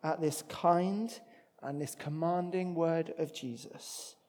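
A man preaching a sermon, expressive, moving between loud emphatic passages and hushed ones. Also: fairly high pitch, slow.

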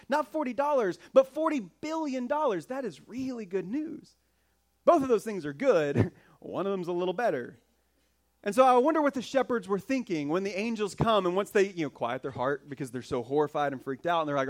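A man with a fairly high voice delivers a sermon to his congregation. He talks in a conversational, playful way, slips in jokes and asides, and drops into hushed tones for emphasis. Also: lively intonation, a little fast. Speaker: pastor.

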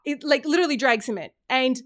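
A woman's voice: sits high, fast talker, a bit bright. A woman in her thirties telling a story in casual chat, earnest and rambling, often restarting her sentences. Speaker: podcast host.

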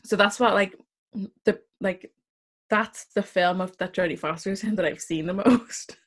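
A woman's voice: medium pitch, a little slow. Woman co-host, casual film chat, easygoing and talkative. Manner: relaxed, chatty, laughs easily.

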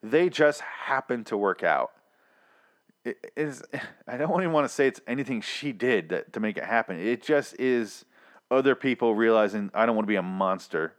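A man's voice: medium pitch, lively intonation, a little fast. A young man hosting a casual solo recap of a TV episode, rambling and joking, mocking the characters in put-on voices. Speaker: podcast host recapping a TV episode.

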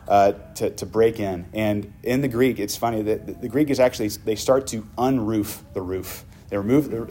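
A male pastor preaching a sermon, vividly retelling a story and dropping to hushed tones. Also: on the low side, slight background noise.

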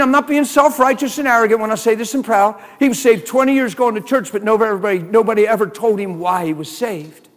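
Guy preaching, folksy stories, high voice for a man, long echo like a big hall. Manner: folksy, animated, swings from low asides to loud excited retellings. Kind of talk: storytelling sermon.

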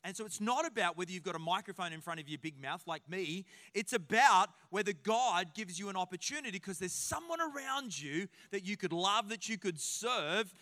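A man in his forties with an Australian accent, preaching a sermon as a pastor in a lively, joking storytelling way. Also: high-pitched, normal speed, few pauses, big-room sound.

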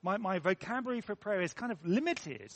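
A man's voice: high voice, lively intonation, fairly quick. An English man preaching a sermon in an earnest, conversational way, with self-deprecating asides.

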